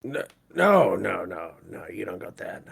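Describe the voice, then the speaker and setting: A man voicing a gruff, odd wasteland man in a tabletop game, mumbling low. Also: big pitch swings, unhurried, exaggerated voice. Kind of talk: tabletop role-play.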